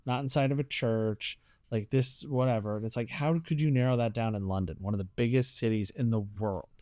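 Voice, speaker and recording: A man chatting casually as a podcast co-host, animated, acting out characters' lines as he talks. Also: mid-range voice, fairly quick, no room sound, studio quality. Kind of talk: casual chat reviewing a series.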